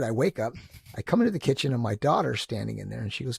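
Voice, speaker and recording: A man in his sixties tells stories as a podcast guest, animated and enthusiastic. His gravelly, husky voice jumps up when he acts out the quotes. It sounds dry and close. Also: medium pitch, quick pace, no room sound. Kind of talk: casual storytelling interview.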